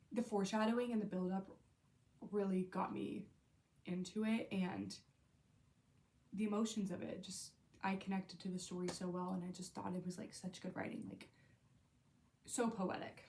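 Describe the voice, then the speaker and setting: A woman's voice: mid-range voice, a little hiss or hum. A young woman vlogging about books she loves, gushing and emotional, full of "like" and half-finished sentences. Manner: gushing, emotional, lots of fillers. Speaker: book vlogger. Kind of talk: casual book review monologue.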